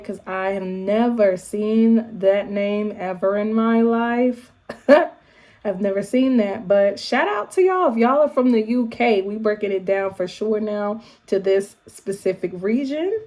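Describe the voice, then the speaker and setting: A woman with an African American English accent talks casually to her viewers at home, mellow and warm in tone. She is animated, throwing in quick asides and shout-outs as she chats. Her pitch sits in an ordinary middle range. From United States. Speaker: YouTube vlogger. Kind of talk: casual chatty vlog.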